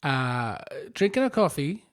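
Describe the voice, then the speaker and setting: A man's voice: fairly high pitch, very animated, unhurried. A man co-hosting a podcast in casual chat, teasing his co-host with dry, provocative jokes.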